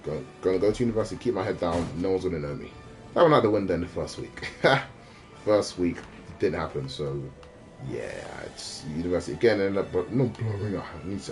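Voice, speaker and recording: A young man from South West talks to his livestream viewers in a loose, slangy ramble. His voice sits very low, and his sentences often break off and restart. Faint radio music plays in the background. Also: a little mellow. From South West London. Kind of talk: casual livestream chat.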